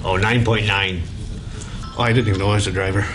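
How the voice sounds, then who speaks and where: A harness racing driver giving casual, joking answers to quick interview questions. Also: male voice, lowish voice, fairly even intonation, music in the background. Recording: background noise.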